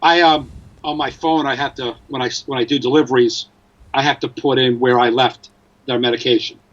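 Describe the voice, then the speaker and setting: A man with a New Jersey accent, co-hosting a podcast, ranting in an animated, sweary way. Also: mid-range voice, a little fast, dull audio. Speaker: podcast co-host. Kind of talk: casual chat.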